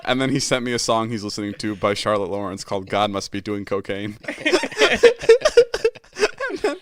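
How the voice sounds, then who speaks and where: A man in his twenties, a podcast host, telling a story in a casual, animated way and laughing often. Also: lowish voice, normal speed, smooth, no room sound, clean studio sound. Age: 20s. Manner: animated, laughing, swearing often, acts out friends' lines.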